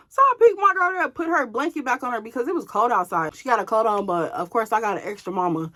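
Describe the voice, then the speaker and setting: A woman vlogger telling a personal story to her viewers in an animated, casual way, swearing freely. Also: a little high, brisk, few pauses.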